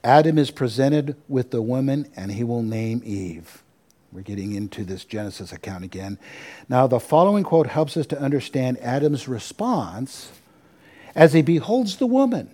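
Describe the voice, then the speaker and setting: Male pastor, mellow tone, animated sermon delivery with dry asides. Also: mid-range voice, normal speed. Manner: animated preaching with asides and repetition.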